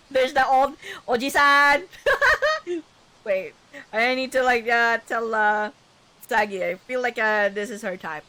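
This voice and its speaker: A woman's voice: fairly high pitch, takes it slowly, pushed and bright. A young woman streamer chatting casually through a let's-play, giggly and reading the game text aloud.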